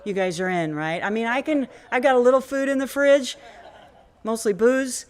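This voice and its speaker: A woman's voice: fairly high pitch, normal speed. A woman hosting a small music cafe, introducing a performer with chatty, rambling stage talk and frequent laughter, speaking into a stage microphone. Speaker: venue host introducing a performer.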